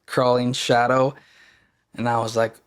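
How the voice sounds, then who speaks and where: Male podcast guest, mid-pitched, earnest and emotional as he tells his story. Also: flat delivery, unhurried, clear, resonant tone. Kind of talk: casual storytelling.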